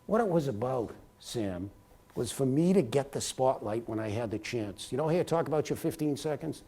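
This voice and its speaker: A middle-aged man speaking to a university audience, spinning career stories with lively energy. His voice sits at an ordinary pitch with a dark, mellow tone. Now and then he breaks into a sports announcer's rhythm. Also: brisk. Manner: animated storyteller, slips into sportscaster cadence. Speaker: speaker giving a talk. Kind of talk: motivational talk with anecdotes. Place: lecture hall at a university.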